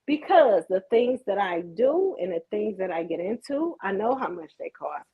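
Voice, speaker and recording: Blunt, animated woman on muffled audio. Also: mid-range voice, normal speed, slightly rough. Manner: blunt, animated, swears freely. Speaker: podcast co-host. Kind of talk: casual chat. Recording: muffled lo-fi sound.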